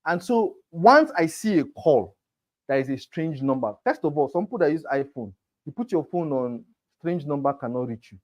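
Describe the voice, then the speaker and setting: A man's voice: on the high side, animated, moderate pace. A man teaching a sales class, emphatic and talking straight to his students. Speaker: real estate sales trainer. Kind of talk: motivational class lecture.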